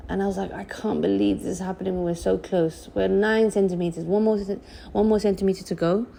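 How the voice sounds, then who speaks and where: A young woman telling a personal story in a halting, emotional way, with many restarts. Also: mid-range voice, fairly even intonation, gravelly, mellow, slight background noise. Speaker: vlogger.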